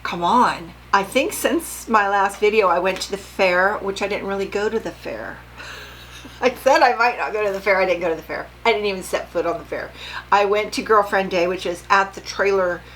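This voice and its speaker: A woman's voice: mid-range voice, moderate pace, a bit bright, slight background noise, low-quality recording. An older woman vlogging casually about her sewing, chatty and rambling, often asking her viewers questions.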